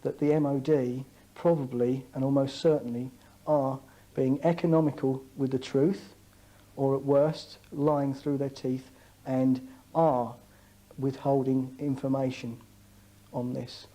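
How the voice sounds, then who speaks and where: A man who served in the air force giving measured, hesitant testimony in a documentary interview, with frequent fillers. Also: mid-range voice, flat delivery, dark tone, rough recording. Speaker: former RAF serviceman interviewee.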